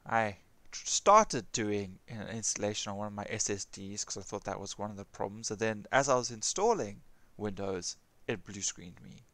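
A man's voice: on the low side, normal speed, hardly any pauses, sharp tone, no room sound. A man streaming a game, chatting casually with friends and reading chat aloud. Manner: laid-back, reads chat aloud, laughs easily. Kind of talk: casual chat while gaming.

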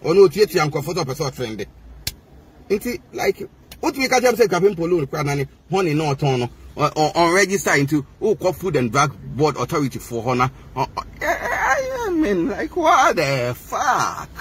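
A man's voice: on the high side, sing-song, brisk, slight background noise. A man with a Ghanaian accent delivering a heated, mocking rant to the camera, switching between languages. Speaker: social media personality.

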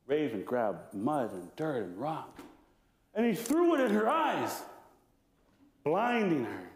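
A man telling a traditional legend aloud at a live talk, with playful, animated narration. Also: medium pitch. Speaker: traditional storyteller. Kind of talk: live oral storytelling. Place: lecture hall. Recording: echoey lecture room.

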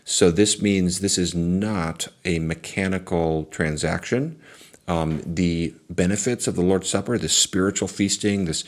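A man, a pastor, giving an earnest, thoughtful talk on theology, pausing with fillers and restarts as he reflects. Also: low-pitched.

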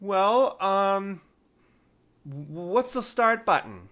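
A man's voice: high voice, expressive, extremely slow, a bit bright, pitched above the performer's own voice, full character voice. A man voicing a confused, stubborn customer calling tech support, baffled and insistent.

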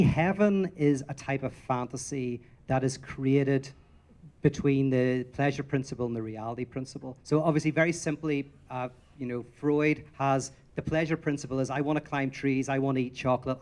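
A man answering audience questions in a rambling, lecture-style talk, acting out the voices of the stories he tells. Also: medium pitch. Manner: rambling and animated, acts out quotes in storytelling.

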